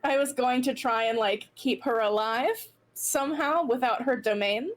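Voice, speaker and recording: A woman's voice: a little high, moderate pace. A woman player chatting casually at a tabletop game, thinking aloud with many fillers. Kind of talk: casual chat.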